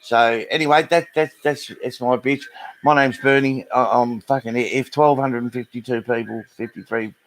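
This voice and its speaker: A man's voice: mid-range voice, fairly even intonation, moderate pace, rough recording. An Australian man rambling through a sweary, casual rant to a live audience, full of restarts. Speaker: live streamer.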